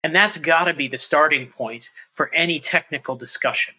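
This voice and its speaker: A middle-aged man, a trumpet professor, talking through his ideas in an interview, animated and thinking aloud with quick restarts. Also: a little high, slightly rough, poor audio. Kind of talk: conversational interview.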